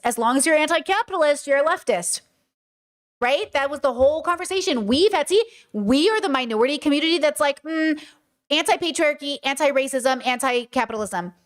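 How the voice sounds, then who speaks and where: A woman streamer reacting to a clip, talking casually in a heated, swearing, rhetorical way. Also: high voice. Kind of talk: casual live-stream commentary.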